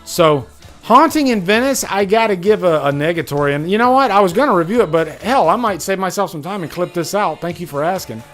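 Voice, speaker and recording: A man's voice: high-pitched, expressive, brisk, fairly bright tone, soft background music. A man hosting a casual live stream, chatting animatedly about movies he saw and answering viewers.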